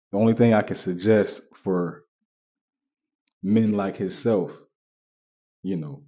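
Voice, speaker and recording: A man's voice: fairly low pitch, warm tone, highs cut off. A man talking casually to his viewers in a commentary vlog, repeating his points and addressing them directly. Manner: conversational, repeats points, talks straight to viewers. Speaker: vlogger.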